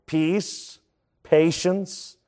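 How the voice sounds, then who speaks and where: A man's voice: fairly high pitch, fairly even intonation, extremely slow, mellow, big-room sound. A man preaching a sermon as pastor, emphatic and repeating key phrases for effect.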